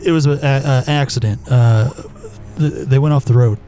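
A man's voice: mid-range voice, moderate pace, mellow, faint music behind, lightly acted. A man playing a stammering, shaken cop. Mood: panicked. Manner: stammering, flustered. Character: shaken male police officer. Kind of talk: tabletop role-play in character.

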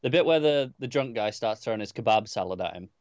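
A man's voice: on the low side, fast, dry recording, lo-fi sound. A man co-hosting a podcast, chatting casually, often restarting and repeating words. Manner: hesitant, repeats words, relaxed. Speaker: podcast co-host. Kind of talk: casual chat.

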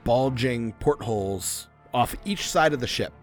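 A man's voice: medium pitch, measured pace, faint music behind. A man narrating as game master, describing scenes and rules with frequent laughter. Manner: animated, descriptive, laughing often.

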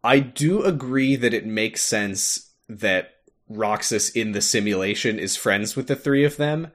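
A young man co-hosting a podcast, casually recapping a game's story with animated retelling and frequent laughter. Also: fairly low pitch, unhurried. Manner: animated storytelling, laughs often, acts out lines. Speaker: podcast co-host. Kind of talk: casual chat recapping a game.

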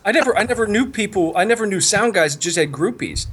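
A man's voice: high-pitched, lively intonation, fast, fairly bright tone, slight background noise. A man telling rambling, profanity-heavy studio stories in casual podcast chat, acting out the quotes. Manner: rambling storyteller, swears a lot, acts out quotes.

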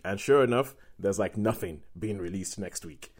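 A man co-hosting a casual film-review podcast, animated and quick to laugh, slowing down to stress his points. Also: on the low side, husky. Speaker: podcast co-host.

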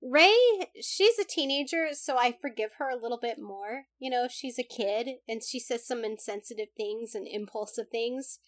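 A woman's voice: a little high, normal speed, hardly any pauses, fairly bright tone. A woman co-hosting a casual podcast, giving opinionated takes and often restarting her words. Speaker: podcast co-host. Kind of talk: casual chat about an anime.

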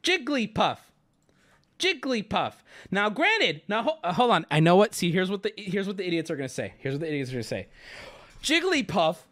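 Man on a livestream, high-pitched, sharp bright voice, exasperated profane rant. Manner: exasperated, profane, argumentative ranting. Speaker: streamer.

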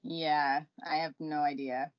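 A woman with a low voice speaks slowly as she chats with her co-host about a comic. She is laid-back and keeps her replies brief. The audio is dull and lo-fi. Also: level tone. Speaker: podcast co-host. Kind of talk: casual comic book podcast chat.

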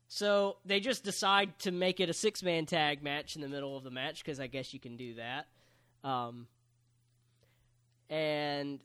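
Joking man, higher voice. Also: a bit bright, smooth. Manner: joking, play-by-play recap. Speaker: podcast co-host recapping wrestling. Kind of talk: casual chat.

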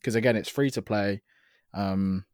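Young man, slangy gamer chat, low-ish, dry. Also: unhurried, a little mellow, no room sound. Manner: chatty, enthusiastic, slangy. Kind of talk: casual gaming chat.

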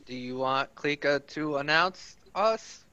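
A man playing a tabletop game, speaking slowly and carefully. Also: fairly high pitch, sharp tone, highs cut off. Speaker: player. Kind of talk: tabletop role-play.

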